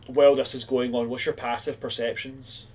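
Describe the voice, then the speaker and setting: A man's voice: medium pitch, little pitch movement, normal speed, a little mellow. A man narrating and running a tabletop fantasy game as game master, rambling casually with lots of fillers.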